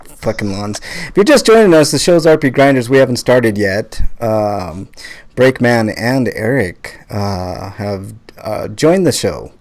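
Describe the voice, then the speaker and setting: A man's voice: lowish voice, animated, unhurried, darkish tone. A man hosting a live podcast in casual chat, joking and swearing, with lots of fillers. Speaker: podcast host.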